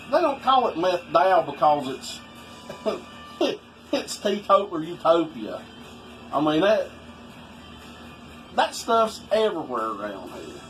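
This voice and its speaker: A man's voice: high-pitched, fairly bright tone, low-quality recording. A man telling rambling, folksy stories in casual talk. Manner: folksy, rambling, swoops for effect. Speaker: storyteller vlogger.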